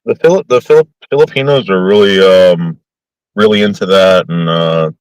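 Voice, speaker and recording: A man from the United States chatting casually on a live stream, halting and repeating words as he talks. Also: low voice, smooth, dry recording, low-quality recording.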